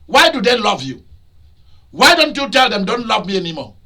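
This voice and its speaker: Male pastor, high and bright, sermon with loud bursts. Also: big pitch swings, normal speed. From Nigeria. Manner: preaching with loud outbursts and laughter.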